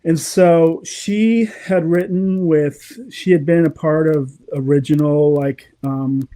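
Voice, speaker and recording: A middle-aged man with a fairly high but mellow voice tells stories in a loose, rambling way. He chuckles now and then and keeps the chat relaxed and easygoing. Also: takes it slowly. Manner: rambling and anecdotal, chuckling often. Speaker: guest, voice actor and comedy writer. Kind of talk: casual chat, telling stories.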